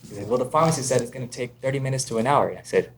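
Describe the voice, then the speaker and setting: A man's voice: medium pitch, racing. A man from Ontario, Canada, a podcast guest telling casual stories and acting out the other voices in them. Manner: animated, acts out quoted voices. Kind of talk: casual storytelling.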